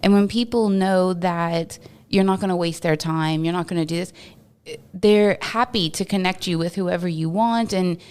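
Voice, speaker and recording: A woman from Texas, a podcast guest, telling stories in an animated, casual way and laughing often. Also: on the low side, normal speed, clean tone. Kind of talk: casual storytelling interview.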